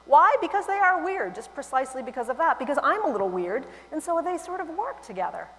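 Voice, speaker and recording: A woman giving a conference keynote on stage, lively and humorous, with animated asides. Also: high-pitched, fast talker. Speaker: keynote speaker. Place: large conference hall, on stage. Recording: long hall reverb.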